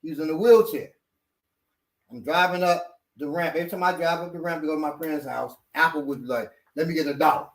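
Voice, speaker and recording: Animated storytelling man in an echoey room. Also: fairly high pitch, quick pace. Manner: animated, laughing, acts out quoted voices. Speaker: instructor. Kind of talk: casual chat with storytelling.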